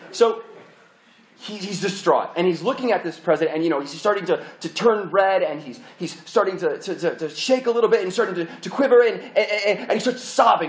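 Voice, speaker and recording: Animated young male preacher, echoey hall. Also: sits high. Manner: animated, chatty, with many restarts. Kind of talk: storytelling sermon. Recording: roomy hall echo.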